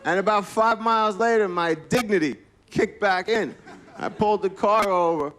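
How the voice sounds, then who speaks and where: A man's voice: sits high, normal speed, a bit bright. A man performing a stand-up comedy set, telling rambling, profane stories with restarts and acting out what people said, on a club stage. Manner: profane, rambling storytelling with restarts and acted-out quotes. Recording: live club recording with audience laughter and faint noise.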